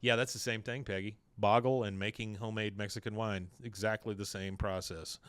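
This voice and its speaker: A man hosting a podcast, casually recapping a cartoon episode with lively storytelling and quick side comments. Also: fairly low pitch, clean tone, no echo. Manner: animated storyteller, acts out quoted lines. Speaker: podcast host.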